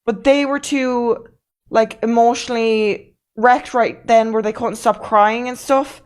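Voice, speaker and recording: A woman's voice: a little high, fairly even intonation, measured pace. A woman streamer telling a story in a casual, blunt way, swearing freely and with emphasis.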